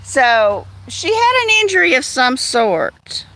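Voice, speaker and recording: A woman with a high voice chats casually on a livestream. She talks outdoors in the evening, holding a phone as she walks, and calls out to cats in an even higher coo. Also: takes it slowly. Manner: chatty, coos high at cats. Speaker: livestream host.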